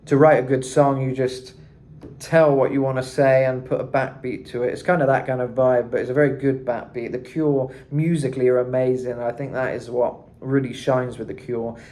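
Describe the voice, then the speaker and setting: A man's voice: medium pitch, little pitch movement, normal speed, dark tone. A man teaching singing in a loose, rambling way, full of "you know" and "kind of". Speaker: vocal coach. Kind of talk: casual singing tutorial.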